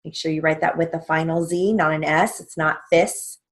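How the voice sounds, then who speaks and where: This low, steady-toned woman walks through a steno theory lesson slowly and patiently. Her dictation goes letter by letter, punctuated by frequent "okay?" check-ins.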